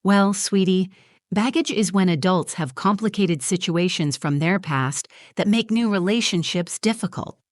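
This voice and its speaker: A woman's voice: medium pitch, moderate pace, no echo, clean studio sound, lightly acted. A woman narrator voicing a smug, condescending young bride-to-be who lectures in a preachy, patronizing tone.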